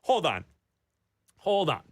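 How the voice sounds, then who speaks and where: A man's voice: on the high side, wildly swooping pitch, takes it slowly, slight background noise. A man co-hosting a sports radio show, teasing his partner in casual, playful banter. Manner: teasing, playful, laughs easily. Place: radio studio. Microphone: studio microphone.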